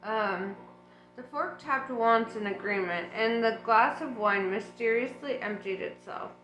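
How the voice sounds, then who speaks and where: A woman reading an audiobook aloud in an unhurried, relaxed way, with chatty asides. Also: fairly high pitch, echoey room, lo-fi sound, faint music behind. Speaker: audiobook reader.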